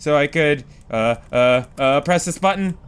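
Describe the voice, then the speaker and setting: High-voiced man yelling through a game. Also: a little slow, clean tone. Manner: excitable, swears a lot, panics loudly and laughs at himself. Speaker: gaming commentator. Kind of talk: let's play commentary. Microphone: desk microphone.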